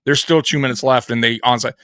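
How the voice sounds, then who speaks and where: Excitable, profane man, bright voice. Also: mid-range voice, fast talker, no room sound, clean studio sound. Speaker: co-host of sports show. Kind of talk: casual live sports chat.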